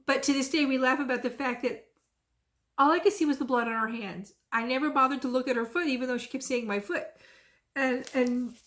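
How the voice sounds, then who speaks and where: A middle-aged woman with a drawl talks through her cross stitch projects in a relaxed, rambling way. Her voice sits a little high, and she gets lively as she tells a story. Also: a little fast. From Texas. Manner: chatty, rambling, lively when retelling stories. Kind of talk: casual chat and storytelling.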